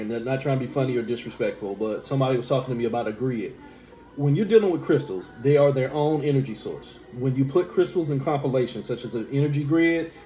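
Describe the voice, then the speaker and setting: A man's voice: medium pitch, warm tone. Echoey man preaching energy lessons. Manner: emphatic, rhetorical questions, repeats key phrases. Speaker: spiritual teacher. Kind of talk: spiritual teaching monologue. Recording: echoey room with faint background hum.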